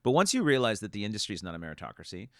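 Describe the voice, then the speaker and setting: A middle-aged man from Canada, a stand-up comedian guest telling animated stories in casual podcast chat. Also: on the low side, dry recording, clean studio sound. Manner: fast-talking, animated storyteller.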